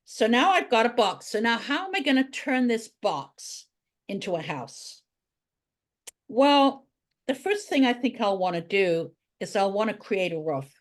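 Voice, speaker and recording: A woman's voice: on the high side, sing-song, unhurried. A woman art teacher giving a drawing tutorial, talking chattily and thinking aloud as she draws.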